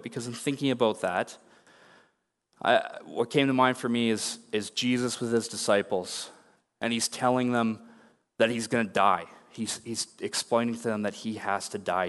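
Speaking with a mid-range, fairly bright voice, a young male pastor delivers a sermon that feels earnest and candidly confessional. The sound echoes with long reverb, suggesting a spacious church sanctuary.

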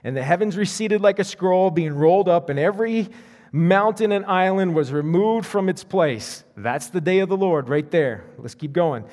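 Pastor preaching in a reverberant hall. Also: male voice, high-pitched, normal speed, a little mellow. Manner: reads scripture aloud, then explains it in casual asides. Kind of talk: sermon.

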